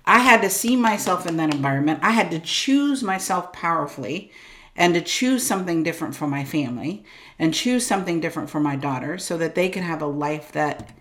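A woman guest in an interview, an entrepreneur and speaker, talking about her life in an emphatic, expressive way with many asides of "like" and "right?". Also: lowish voice, fairly quick. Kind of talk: candid interview storytelling.

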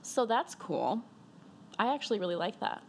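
A young woman co-hosting a casual podcast from an apartment, relaxed and profane, talking while high. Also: normal speed, slight background noise. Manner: laid-back, giggly, profane. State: high from smoking. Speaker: podcast co-host. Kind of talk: casual chat. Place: apartment in Chicago.

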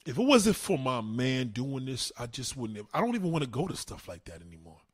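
Brief: husky New man in his thirties, lively swooping delivery, crude livestream rant. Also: medium pitch, a little fast. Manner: animated, crude, emphatic. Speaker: livestream host. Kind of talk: profane casual rant.

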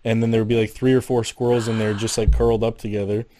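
A man's voice: fairly low pitch, flat delivery, quick pace, mellow, slight background noise. A man co-hosting a podcast, chatting casually and rambling with lots of fillers. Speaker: podcast co-host. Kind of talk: casual chat.

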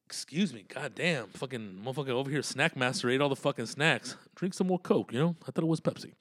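A man talks fast in a medium-pitched, slightly bright voice, recorded cleanly in a studio with no echo. Hosting his own podcast, the comedian rambles loosely, cursing freely and leaning on street slang.

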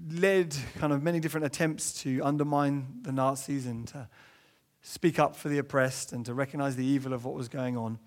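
A man from England preaching a sermon in church, earnest, sometimes dropping low and soft to press a point. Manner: earnest, rises high for quoted inner voices, drops low and soft to stress points.

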